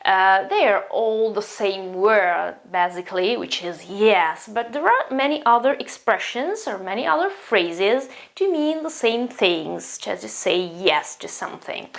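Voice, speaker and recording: Woman, English teacher, gravelly voice, explanatory, lots of fillers, emphatic example phrases. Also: on the high side, a bit bright. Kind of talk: online English lesson.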